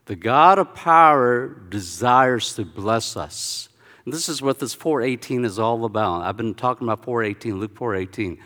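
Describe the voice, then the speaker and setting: A male pastor preaching a sermon, telling a personal story with animated swings between hushed and loud delivery. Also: mid-range voice, normal speed, long reverb tail.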